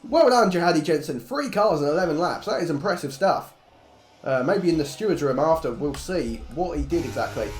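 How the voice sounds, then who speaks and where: A man's voice: a little high, lively intonation, fairly quick. A man commentating a live sim race stream in a jokey, blunt way, swearing freely. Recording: roomy echo, faint music behind.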